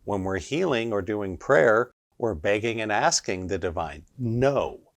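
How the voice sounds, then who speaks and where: Emphatic man teaching in a dry, low voice. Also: lively intonation, a little slow, no echo. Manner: emphatic, keeps asking rhetorical "right?". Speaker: energy healing teacher. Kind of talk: instructional video monologue.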